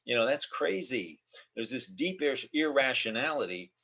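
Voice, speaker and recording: A man's voice: medium pitch, lively intonation, moderate pace, pushed and bright. A man speaking on a panel discussion, emphatic and repeating words as he goes. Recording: dull lo-fi call audio.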